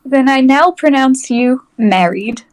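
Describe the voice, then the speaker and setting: A woman playing a tabletop game, hesitant and halting, with nervous laughs. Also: sits high, low-quality recording. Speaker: player. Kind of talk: casual tabletop play.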